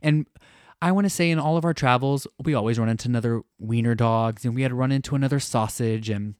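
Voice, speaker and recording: A man gushes through a casual travel story on a podcast. His voice sits at a middle pitch and sounds dry and close to the mic. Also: quick pace, a little mellow, clean tone, no echo. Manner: effusive, gushing storyteller. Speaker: podcast co-host.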